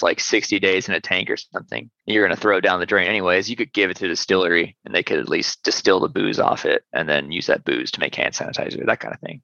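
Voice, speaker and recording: A man's voice: low-pitched, vocal fry, bright, forceful tone, no room sound, lo-fi sound. A man who runs a small sour beer brewery, chatting casually in an interview with loose, profane talk and many fillers.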